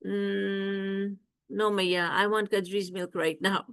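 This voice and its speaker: A woman's voice: mid-range voice, level tone, takes it slowly, clean tone. A woman voicing a small, stubborn boy god, insisting in a childlike whine. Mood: whiny.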